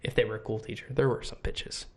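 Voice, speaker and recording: A young man from the United States, co-hosting a podcast in casual chat, rambling and swearing as he tells animated stories. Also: mid-range voice, quick pace. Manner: rambling, profane, animated storytelling. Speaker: podcast co-host.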